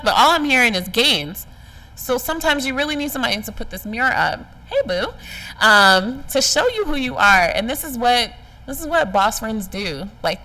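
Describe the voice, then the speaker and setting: Bright-voiced woman podcast host. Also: medium pitch, low-quality recording. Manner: frank and emotional, talks straight to listeners. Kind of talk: candid podcast monologue.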